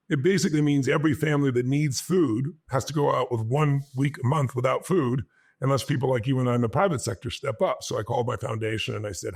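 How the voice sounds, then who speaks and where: Husky man telling a personal story. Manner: animated storytelling, acts out dialogue with pitch jumps. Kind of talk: personal story told to an audience.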